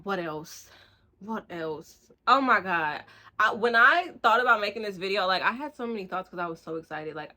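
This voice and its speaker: A young woman, rambling excitedly in a casual book review, full of fillers and slang. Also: medium pitch. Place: room at home, street outside.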